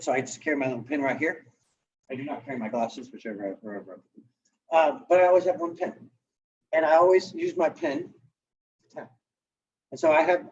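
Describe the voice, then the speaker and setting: A man coaching real estate agents in a live session, talking casually and acting out client exchanges. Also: on the high side. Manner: animated, conversational, acts out client dialogue. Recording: distant, dull lo-fi room recording.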